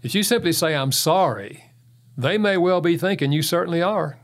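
A man's voice: sits high, fast. Folksy man telling marriage anecdotes. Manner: folksy storyteller who chuckles often. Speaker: guest speaker on marriage. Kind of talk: interview talk with anecdotes.

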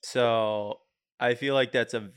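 A young man with a middle-pitched voice tells a story in an easygoing way, dropping casual swears. He talks close into a studio microphone during a relaxed podcast chat. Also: slow pace, clear, resonant tone. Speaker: podcast co-host.

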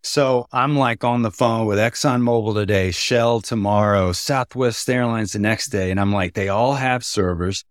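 Low-voiced man from Texas telling stories. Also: normal speed, few pauses, clean tone, no echo, studio quality. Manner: animated anecdote teller, acts out quotes. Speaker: sales panelist. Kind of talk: storytelling in a roundtable.

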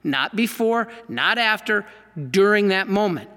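A man preaching a sermon, reading aloud from a diary and exclaiming over it with animated emphasis. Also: sits high, unhurried, long reverb tail. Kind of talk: Catholic sermon talk.

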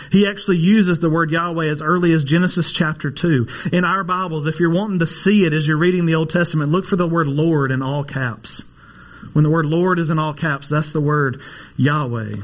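Pastor guy preaching laid back, cracks jokes, goes nerdy, kinda high voice. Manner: casual, joking, with nerdy asides. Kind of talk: sermon. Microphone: live stream.

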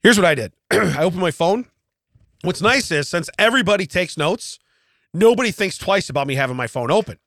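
A man co-hosting a casual podcast chat, telling a story in an animated way with frequent laughs, recorded in a podcast studio. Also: high voice, a little fast, no room sound. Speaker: podcast co-host.

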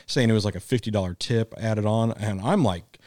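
A man's voice: on the low side, brisk, darkish tone, no echo, studio quality. A man co-hosting a podcast, telling a rambling story with frequent laughs and casual swearing. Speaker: podcast co-host. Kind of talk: casual chat.

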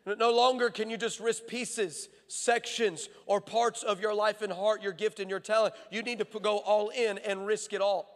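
A man preaching a sermon, telling stories in an animated, playful way that often breaks off and restarts. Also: high-pitched, moderate pace, hardly any pauses. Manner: animated, playful storytelling with frequent self-interruptions. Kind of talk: sermon with comic storytelling. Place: large armory hall. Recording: long reverb of a large hall.

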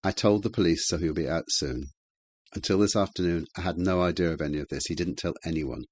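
A determined man speaks quietly and firmly, as a male narrator reads him. The voice is low and husky, close to the narrator's own. It is a storybook reading in a dry, close recording. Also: a little fast, dry recording. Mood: calm. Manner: quiet, firm. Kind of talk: audiobook character voice.

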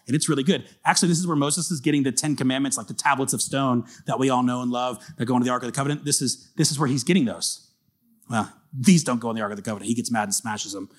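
A man preaching a sermon as pastor, chatting casually, then reading scripture slowly and building to shouted intensity. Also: medium pitch. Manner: reads scripture slowly and dramatically.

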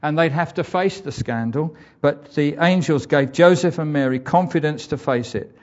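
A man's voice: fairly high pitch, moderate pace, darkish tone. An older man preaching a conversational sermon, reading scripture aloud and reflecting on it. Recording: dull lo-fi church recording.

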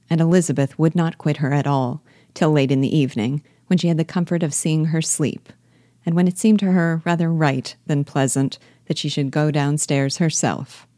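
A woman reading a classic novel aloud with measured, expressive narration. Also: sits low, no echo, studio quality. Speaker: reader and teacher.

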